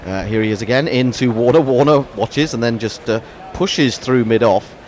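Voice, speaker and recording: A man's voice: mid-range voice, moderate pace, darkish tone, a little hiss or hum. A man commenting ball by ball on a cricket match, with wry, chatty banter between deliveries.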